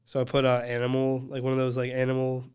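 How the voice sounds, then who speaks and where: Smooth-voiced laid-back man. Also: medium pitch, completely flat delivery, fast, a little mellow. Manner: laid-back, slangy, laughs often. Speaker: guest, studio engineer. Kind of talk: casual podcast storytelling.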